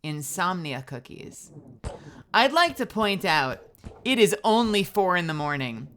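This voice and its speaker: A woman's voice: fairly low pitch, very animated, unhurried, fairly bright tone, slight background noise. A woman streamer chatting casually late at night, loose and jokey with a lot of swearing.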